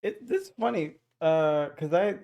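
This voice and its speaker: Easygoing young man, slightly high voice. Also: huge pitch swings, measured pace, highs cut off. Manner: easygoing, explains, laughs along. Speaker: podcast co-host. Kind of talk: casual movie review chat.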